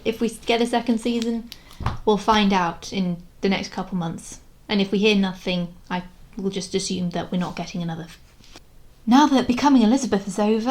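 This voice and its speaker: A woman's voice: medium pitch, a little mellow. A young woman giving a casual vlog commentary, talking frankly and rambling with many restarts, sounding exasperated. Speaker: video creator reviewing a historical drama.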